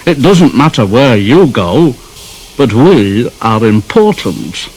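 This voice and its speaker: A haughty, condescending big engine from a storybook, as a man puts him on. His speech swoops up and down with lively pitch, and he lectures grandly about his own importance. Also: takes it slowly, slightly rough, heavily acted, low-quality recording. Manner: pompous, condescending. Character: pompous big male express engine, self-important.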